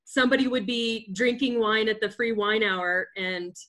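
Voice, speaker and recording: A woman hosting a casual interview chat, enthusiastic and quick to laugh as she shares memories. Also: fairly high pitch, steady tone, a bit bright. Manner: chatty, laughs easily, enthusiastic. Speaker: podcast host.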